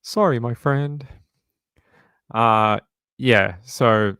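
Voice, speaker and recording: In a relaxed livestream, a fortysomething Australian host answers his viewers, joking and going over the same points again. He speaks slowly in a medium-pitched, creaky voice with a fairly bright tone, and the recording has no echo.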